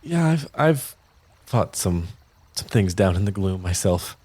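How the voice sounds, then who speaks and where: A man's voice: deep voice, big pitch swings, measured pace, darkish tone, husky, dry recording, exaggerated voice. A man voicing a seasoned fighter who is offhand about battles he has seen.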